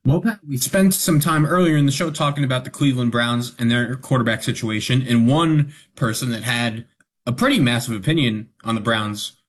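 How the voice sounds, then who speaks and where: A man working as a radio producer, briefing the host on a sports story in a measured way. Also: mid-range voice, slightly rough. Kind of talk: sports talk radio segment.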